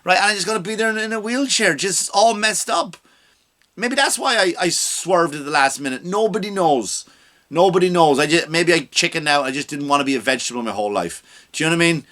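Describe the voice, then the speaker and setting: Man, middle-aged, comedy podcast host, profane rant, forceful bright tone, slightly high voice. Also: a little fast. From abroad, immigrant to the US. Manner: ranting, profane, mocking impressions.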